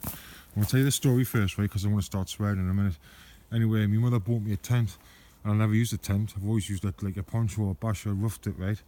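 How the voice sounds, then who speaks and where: A man's voice: on the low side, fairly even intonation, fast, mellow. A man chatting bluntly while walking through woodland outdoors, swearing heavily as he tells stories. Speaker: outdoor vlogger. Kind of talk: casual chat walking in woods. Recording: faint background noise outdoors.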